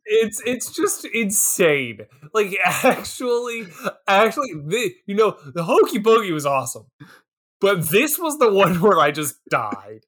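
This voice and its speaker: A man's voice: high voice, big pitch swings, measured pace, fairly bright tone. A man in his twenties co-hosting a podcast, ranting in exasperation about a film, swearing and laughing as he talks. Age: 20s. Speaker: podcast co-host reviewing a film. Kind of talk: casual chat.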